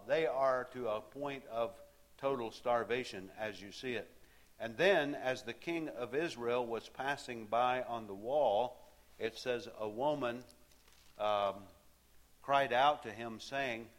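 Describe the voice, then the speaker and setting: A man preaching a sermon, explaining scripture in a conversational way with frequent fillers and asides to listeners. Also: medium pitch.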